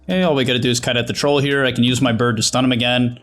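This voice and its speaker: A man commentating his own match in a casual, thinking-aloud way, critiquing his plays with restarts and quick laughs. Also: medium pitch, fairly even intonation, fairly bright tone, faint music behind. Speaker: gameplay commentator.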